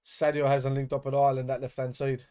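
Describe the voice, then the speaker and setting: A man streaming a live watch-along of a football match, reacting with excitable, sweary outbursts. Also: mid-range voice, brisk, clear, resonant tone.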